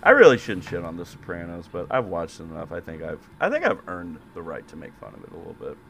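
Male podcast co-host, gravelly, lively pitch, bright tone, sarcastic crude humor. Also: quick pace. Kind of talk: casual chat.

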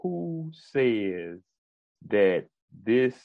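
A man's voice: medium pitch, big pitch swings, extremely slow, vocal fry, no echo, phone-quality sound. A man co-hosting a podcast in casual chat, rambling and repeating words as he builds his point. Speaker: podcast co-host.

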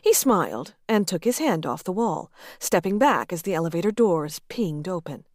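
A woman reading a romance novel aloud in a steady, expressive narration. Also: on the low side, normal speed, no room sound, studio quality. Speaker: audiobook narrator.

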